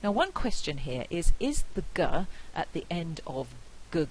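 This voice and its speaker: A middle-aged woman with a British accent giving a university lecture, explaining clearly and saying example words aloud. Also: sits low, very animated, slight background noise, poor audio. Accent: British English. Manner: clear, measured explanation with spoken pronunciation examples. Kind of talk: recorded phonetics lecture.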